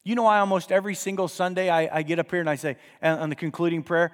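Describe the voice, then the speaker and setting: A man's voice: high voice, little pitch movement, fast talker, hardly any pauses. A male pastor preaching a sermon in a church, emphatic and full of rhetorical questions to the congregation. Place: church sanctuary. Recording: long church reverb.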